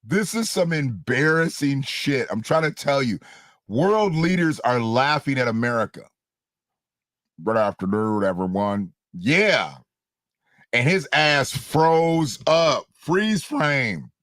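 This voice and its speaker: A man's voice: fairly high pitch, expressive, slow, fairly bright tone, no room sound, studio quality. A man hosting casual political commentary, blunt and slangy, mocking and repeating phrases for emphasis. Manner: blunt, slangy, mocking, laughs at own jokes. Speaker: host.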